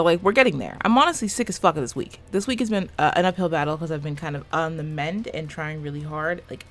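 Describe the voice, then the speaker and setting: A woman's voice: sits low, fairly bright tone. A woman in her twenties doing casual let's-play commentary from a small room, rambling and self-deprecating, swearing often. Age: 20s. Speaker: gaming YouTuber. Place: small room with a fan running.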